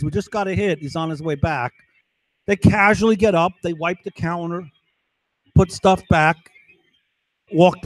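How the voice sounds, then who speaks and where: A man's voice: high-pitched, dry recording, low-quality recording. A man talking in a rambling, agitated monologue, cursing freely and keeping on asking "right?". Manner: agitated, profane, rambling and conspiratorial.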